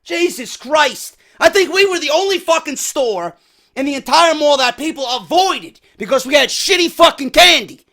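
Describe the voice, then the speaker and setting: A man in his thirties with a New York accent and a hoarse voice, telling a story as a profane, angry rant with loud bursts. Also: extremely high pitch, expressive, normal speed. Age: 30s. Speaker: wrestling podcast host.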